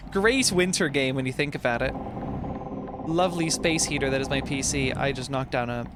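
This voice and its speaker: Truck engine sounds from the game fill the background as a young man in his twenties streams, chatting playfully and reading chat aloud. His voice sits in the mid range at a moderate pace.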